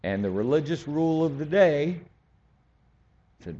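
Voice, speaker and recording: A man teaching a Bible study class, speaking slowly and deliberately and building to emphatic points. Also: a little high, animated, warm tone. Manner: slow, deliberate, rising to emphatic. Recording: dull lo-fi recording.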